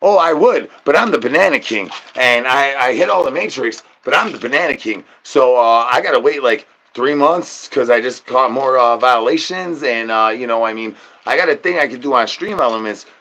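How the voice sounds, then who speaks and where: A man's voice: medium pitch, animated, moderate pace, hardly any pauses, a bit bright. Goofy man rambling in sing-song slang. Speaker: livestreamer. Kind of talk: rambling livestream chat.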